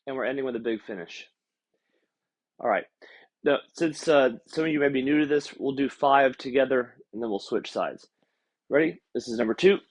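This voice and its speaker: This instructor's voice sits in the middle range and moves at a measured pace. He's breathless as he guides an online seated stretching session, announcing the moves and cheering people through the rep counts.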